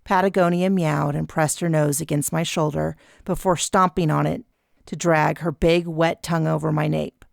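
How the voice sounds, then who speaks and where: Low, gravelly woman narrating a novel. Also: normal speed, no room sound, studio quality. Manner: steady, even storytelling. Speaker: audiobook narrator. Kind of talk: first-person audiobook narration.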